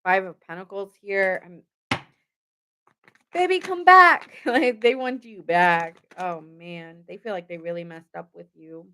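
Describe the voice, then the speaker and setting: A woman's voice: lowish voice, steady tone, normal speed, hardly any pauses, a bit bright, a little hiss or hum. A young woman giving a casual live tarot reading. She rambles, laughs often and chats with her viewers. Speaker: tarot reader.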